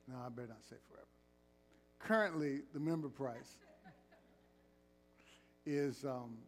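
A man preaching as pastor in a church, calling for responses and joking with the congregation. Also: medium pitch. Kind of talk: sermon with announcements.

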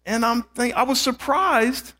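A man's voice: extremely high pitch, unhurried, bright, forceful tone. A man preaching a sermon, emphatic, repeating key words and calling out amen to his congregation, often restarting his sentences.

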